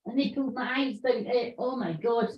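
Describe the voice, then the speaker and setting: A woman's voice: fairly high pitch, brisk, muffled recording. A woman giving a casual tarot reading, talking in a chatty, rambling way, swearing constantly and laughing at herself. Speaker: tarot reader.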